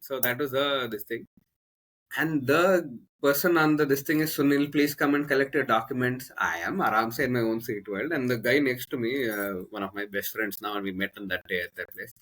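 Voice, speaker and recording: A man's voice: medium pitch, normal speed, fairly bright tone. A man with an Indian English accent, a podcast guest and coach telling rambling personal anecdotes in casual conversation, with many fillers and restarts.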